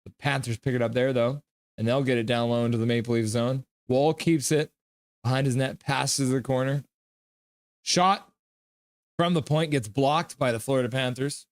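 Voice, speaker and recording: A man hosting a live reaction stream, calling the hockey game play-by-play in a brisk manner, with bursts of loud cheering. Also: medium pitch, clear, resonant tone, dry recording.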